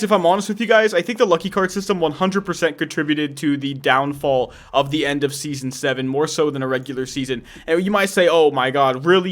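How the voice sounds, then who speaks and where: A young man giving rambling, animated gameplay commentary as a YouTuber, talking straight to his viewers. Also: on the high side. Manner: animated, rambling, addresses viewers as guys and dude. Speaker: gaming YouTuber.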